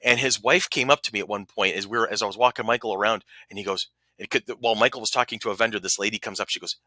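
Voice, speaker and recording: A man's voice: lowish voice, very fast, no room sound. A man co-hosting a podcast, telling a story in casual chat and acting out the people in it. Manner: animated storyteller, acts out quotes loudly. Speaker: podcast co-host.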